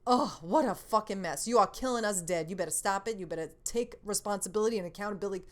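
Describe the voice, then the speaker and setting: A woman's voice: medium pitch, fast talker. A woman hosting a casual gaming news vlog, blunt and outspoken with lots of swearing. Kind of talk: casual monthly news rant.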